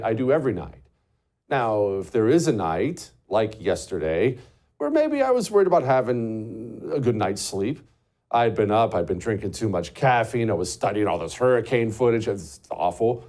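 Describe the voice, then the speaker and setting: A man's voice: lowish voice, dark tone. A man hosting a political talk show, talking in a blunt, sardonic way and laughing at his own jokes.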